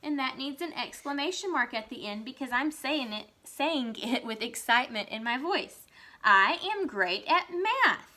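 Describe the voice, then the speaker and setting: A young woman with a bright, fairly high voice teaches a children's writing lesson. She talks slowly and clearly, like a classroom teacher, and reads the example sentences aloud with a lively, excited voice.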